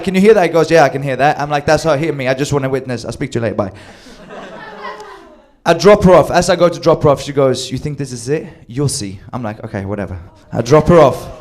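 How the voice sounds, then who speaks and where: A man telling a wild personal story with animated delivery, acting out quoted lines and swearing freely. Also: on the high side. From Sweden. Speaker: storyteller on a comedy show. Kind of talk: live comedic storytelling.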